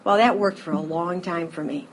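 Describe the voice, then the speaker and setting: A middle-aged woman giving a personal recovery testimony to a live audience, telling her story in a lively way, acting out scenes, with frequent fillers. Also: lowish voice, moderate pace, a little hiss or hum. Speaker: speaker sharing a recovery story.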